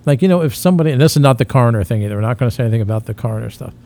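A man's voice: mid-range voice, expressive, racing, mellow. A man hosting a comedy podcast, rambling in crude banter and slipping into mocking voices.

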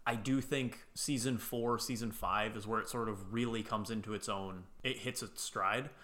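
A man's voice: on the low side, fairly even intonation, moderate pace, sharp tone. A young adult man co-hosting a casual podcast, with a dry, joking and thoughtful way of talking. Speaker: podcast co-host.

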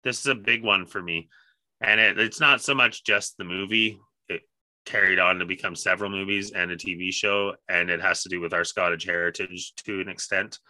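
A man's voice: low-pitched, steady tone, a little fast, bright, forceful tone, no echo. A man co-hosting a podcast, chatting casually and enthusiastically, swearing freely as he talks about films. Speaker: podcast co-host. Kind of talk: casual chat.

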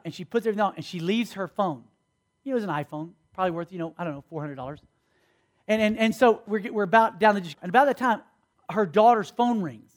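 A man preaching a sermon, telling stories and acting out the dialogue in different voices. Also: sits high. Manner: animated, acts out dialogue in voices. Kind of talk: sermon storytelling.

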